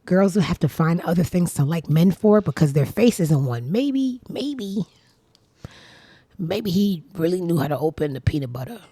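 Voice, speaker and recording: Animated, profane woman with a low, dark voice. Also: a little fast, few pauses, slightly rough, no echo. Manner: animated, profane, sarcastic, with big jumps in pitch and loudness. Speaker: show host. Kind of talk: casual commentary reacting to social media.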